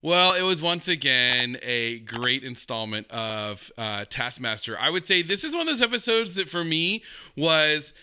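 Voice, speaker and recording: A man's voice: fairly high pitch, lively intonation, a little slow, sharp tone, clean tone. A man from the United States hosting a reaction video, chatting enthusiastically with many fillers. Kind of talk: casual reaction commentary.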